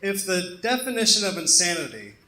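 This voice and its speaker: Very animated and brisk, this young comic from the American South pokes fun at himself on a club stage in a high-pitched, sharp voice, filling gaps with plenty of ums. The room echoes and the crowd laughs along.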